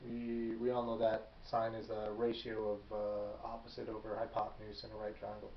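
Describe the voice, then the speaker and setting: A man teaching a math lesson in a relaxed, off-the-cuff way, thinking aloud and correcting himself as he goes. He sounds set back from the mic, and his voice carries an echo of the room around him. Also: fairly low pitch, normal speed, slight background noise. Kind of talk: whiteboard lecture. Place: classroom. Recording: echoey classroom, far from the mic, dull.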